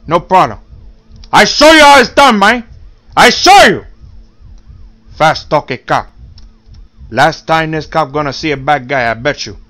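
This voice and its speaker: A man playing a hot-tempered Cuban gangster boss, loud and boastful as he comments on a game. His voice is bright and swings wildly in pitch. He keeps shouting threats at the screen. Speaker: gameplay commentator.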